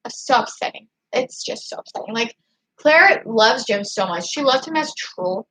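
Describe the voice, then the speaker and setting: A young woman hosts a casual livestream, reading out viewer comments and reacting to them. She talks in an excited, emphatic way, like a gushing fan, and her voice sits slightly high. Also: moderate pace, rough recording. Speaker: livestream host.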